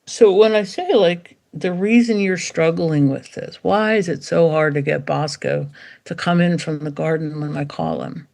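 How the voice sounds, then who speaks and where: A woman dog behaviour expert talking as a podcast guest, animated and acting out quotes as she explains. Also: low voice, moderate pace. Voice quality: animated, acts out quotes, gravelly. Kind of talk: podcast interview conversation.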